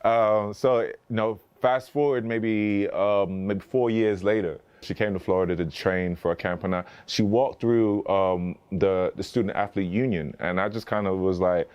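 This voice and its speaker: A man's voice: on the low side, steady tone, moderate pace, hardly any pauses, darkish tone, clear, resonant tone, dull audio. A man who is a podcast guest, talking casually and rambling through stories, full of fillers and restarts and acting out quoted dialogue. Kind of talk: conversational interview storytelling.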